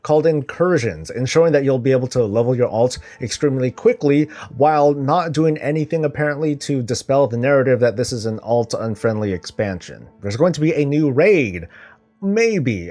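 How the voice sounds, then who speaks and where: A man's voice: mid-range voice, a little mellow. Wry man hosting a gaming news show. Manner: wry, sarcastic asides with laughs. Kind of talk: casual scripted commentary.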